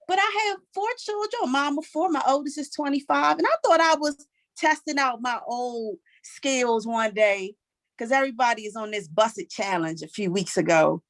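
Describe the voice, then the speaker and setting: A woman in her forties with a Washington, D.C. accent, doing a stand-up comedy set in a sassy, animated way that keeps tagging lines with "okay?". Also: fairly high pitch, normal speed, no echo. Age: 40s.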